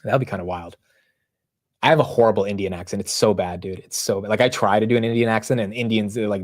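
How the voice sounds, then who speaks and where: An American man hosts a livestream of market commentary, talking fast in a fairly low, steady and slightly mellow voice. He's slangy and chatty, laughs a lot and calls his viewers bro and dude.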